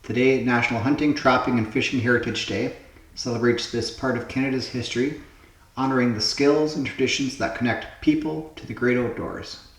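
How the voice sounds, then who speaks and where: A host playing word puzzles talks himself through them briskly, his mid-range voice holding a steady tone. He thinks aloud casually, musing and guessing answers one after another, and the recording has a roomy echo.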